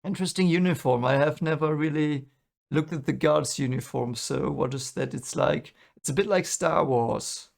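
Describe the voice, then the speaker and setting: A man's voice: on the high side, moderate pace, creaky. A man hosting a movie reaction, rambling and correcting himself as he thinks aloud. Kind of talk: casual reaction commentary.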